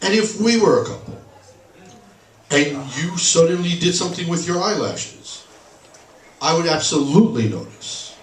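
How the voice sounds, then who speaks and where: A man's voice: a little high, normal speed, long pauses, a little hiss or hum. Sarcastic stand-up man in an echoey bar. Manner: sarcastic, deadpan punchlines. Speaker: stand-up comedian. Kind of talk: stand-up comedy set. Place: bar stage, live room. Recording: echoey bar recorded from a distance.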